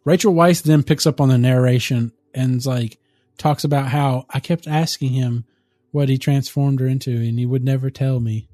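A man casually recapping a movie on a podcast, animated and profane, often laughing through the story. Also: medium pitch, moderate pace, dry recording, clean studio sound, soft background music. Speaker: podcast co-host.

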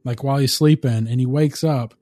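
A man casually recapping a movie on a podcast, animated and profane, often laughing through the story. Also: mid-range voice, fairly quick, no room sound, studio quality, faint music behind. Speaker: podcast co-host.

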